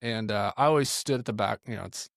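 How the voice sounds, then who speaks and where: A man's voice: lowish voice, fast talker, gravelly, dry recording, clean studio sound. A man who is a pastor and ministry teacher, telling stories in a podcast conversation and acting out what people said. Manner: animated storyteller acting out quotes.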